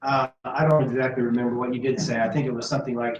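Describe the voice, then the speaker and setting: A man's voice: medium pitch, flat delivery, quick pace, slight background noise. Hesitant man speaking from the audience. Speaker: trainee in audience. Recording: distant, dull, echoey room audio.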